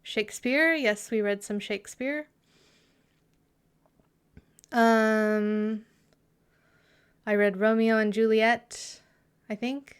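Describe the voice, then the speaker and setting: A woman's voice: on the high side, fairly even intonation, slow pace, long pauses, clean tone. A woman streamer in casual live chat with her viewers, chatty and giggly, sometimes muttering asides to herself.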